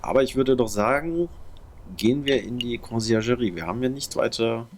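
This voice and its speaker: A man casually commenting while playing a game, with relaxed, hesitant asides. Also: mid-range voice, a little fast, a little hiss or hum. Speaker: let's play host.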